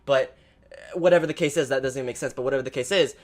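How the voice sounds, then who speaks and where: A podcast co-host chatting casually, an excitable storyteller who rambles with lots of fillers and gasps. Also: medium pitch, very fast. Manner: excitable storyteller, gasping and acting out reactions.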